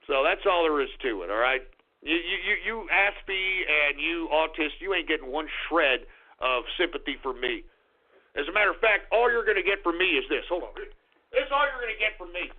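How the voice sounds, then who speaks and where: A male radio host delivering an abrasive, insulting, shouting rant on his talk show. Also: on the high side, lively intonation, fairly quick. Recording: tinny phone-line sound.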